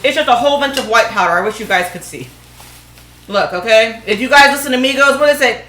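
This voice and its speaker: A woman chats and jokes with her viewers as she mixes homemade laundry soap, calling them y'all. Her voice sits a little high and sounds bright. The room around her is echoey. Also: quick pace. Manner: chatty, joking, talks to viewers as y'all. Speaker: DIY vlogger. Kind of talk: casual chat while making soap.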